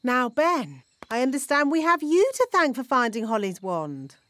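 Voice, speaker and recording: A woman voicing a bossy, know-it-all fairy nanny who talks in a brisk, scolding, matter-of-fact way. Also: high-pitched, very animated, fairly bright tone.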